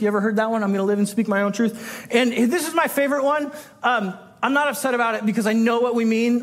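Male pastor, conversational sermon delivery, high-pitched, long church reverb. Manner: conversational, self-interrupting, acts out quoted voices. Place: church sanctuary.

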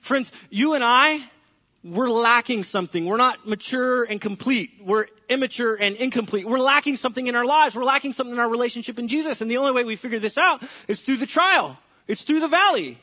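A man's voice: extremely high pitch, animated, a little fast, bright, forceful tone. A pastor preaching a sermon to his congregation, acting out the voices of people praying and talking with the people in the room. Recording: echoey hall, dull lo-fi sound.

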